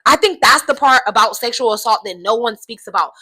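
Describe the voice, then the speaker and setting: Young woman vlogger, forceful bright tone, outspoken casual commentary. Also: fairly high pitch, lively intonation, brisk, slightly rough, poor audio. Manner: emphatic, keeps asking "right?"; outspoken, swears freely.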